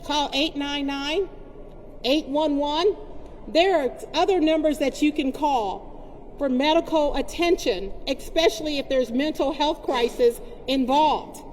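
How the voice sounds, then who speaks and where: Woman rally speaker, high voice, impassioned storytelling address, long reverb and faint ambient hum. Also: a little slow, darkish tone. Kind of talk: protest speech.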